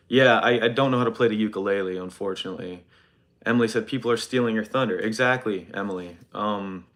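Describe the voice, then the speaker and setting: Livestreaming on his phone, a young man reads the chat and gives a halting, deadpan apology that's only mock-sincere. His pitch is fairly low, and he sounds hesitant.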